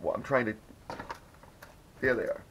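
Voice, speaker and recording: A man's voice: medium pitch, normal speed, gravelly, fairly bright tone. A man hosting a casual podcast, telling a rambling, profanity-laced story. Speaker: podcast host. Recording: dull lo-fi audio with faint noise.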